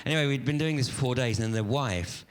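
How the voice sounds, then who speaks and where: A man's voice: mid-range voice, fast, clean tone. An older man hosting an event, telling a casual anecdote on stage with lots of fillers. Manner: rambling, anecdotal, with frequent fillers. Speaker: event host and moderator.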